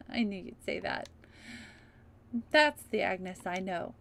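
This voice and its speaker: A woman's voice: medium pitch, lively intonation, takes it slowly, gravelly, fairly bright tone, heavily acted. A woman voicing a cheerful, proud young noble girl with an eager, affectionate manner. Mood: happy. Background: game music.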